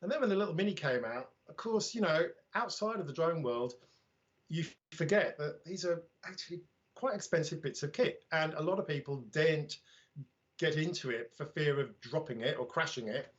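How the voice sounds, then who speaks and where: A British man talks in a relaxed, rambling livestream chat, slightly higher-pitched than most men. He tells self-deprecating stories. His voice comes through a dull, muffled video-call line. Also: normal speed. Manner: chatty, self-deprecating, anecdotal. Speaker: drone YouTuber guest.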